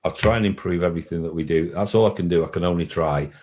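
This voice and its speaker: The man running a football club speaks fast in a low, slightly mellow voice as he fields interview questions on a call. He comes across as earnest and repetitive, with moments of emotion.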